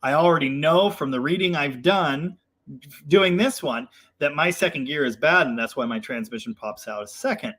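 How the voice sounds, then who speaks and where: A man's voice: a little high, normal speed, a bit bright. A young man hosting a casual live chat, reading viewer comments and rambling in a self-deprecating way with lots of fillers.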